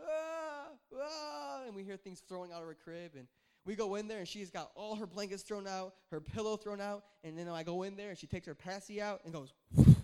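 A young adult man, a pastor, preaching a conversational sermon, joking and telling animated stories. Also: a little high, clear, resonant tone.

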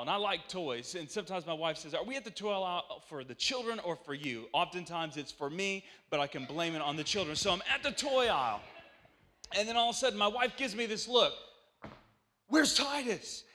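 A high-pitched man in his forties delivers a playful sermon from a church pulpit. His voice is bright and forceful, animated and full of jokes, and it jumps into full shouts during the stories. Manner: animated, joking, breaks into loud shouts. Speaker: pastor. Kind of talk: lively storytelling sermon. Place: church sanctuary.

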